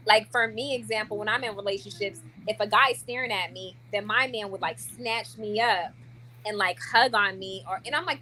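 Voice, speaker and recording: Chatty, bright-voiced young woman vlogger. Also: mid-range voice, moderate pace, slight background noise. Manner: chatty and animated, many likes and restarts. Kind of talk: casual chat to camera.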